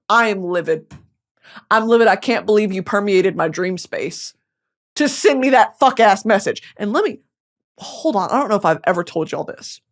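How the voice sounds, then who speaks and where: Animated young woman, chatty and theatrical. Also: medium pitch. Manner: chatty, swearing, dramatic asides, mock voices. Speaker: podcast host. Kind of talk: casual comedic monologue.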